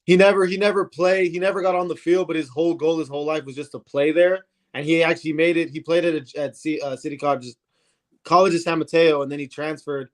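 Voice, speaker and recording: Laid-back man, a touch high, halting casual chat. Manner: relaxed, hesitant anecdotes. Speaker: podcast co-host.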